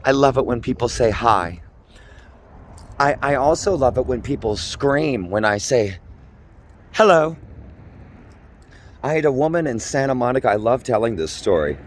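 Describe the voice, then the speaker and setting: A Minnesota vlogger in his forties walks city streets outdoors, performing an improvised comedy monologue that's theatrical, campy, and rambling. His medium-pitched voice is animated and moderately paced, with slight background noise.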